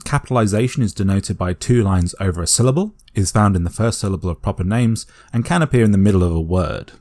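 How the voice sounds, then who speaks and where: A British man explaining a constructed language step by step in a calm, methodical tutorial voice. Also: fairly low pitch, fast. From Britain. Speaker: language teacher.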